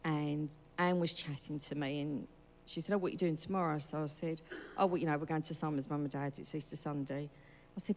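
A woman's voice: deep voice, fairly quick, darkish tone, a little hiss or hum. A woman giving a personal testimony in a church, telling her story in a rambling, chatty way and correcting herself as she goes. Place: church hall. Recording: reverberant church hall.

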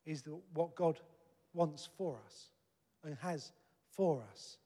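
Man preacher, sermon, higher-pitched, conversational and earnest, long hall reverb. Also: slow, dark tone. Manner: earnest, conversational preaching that rises to emphatic peaks.

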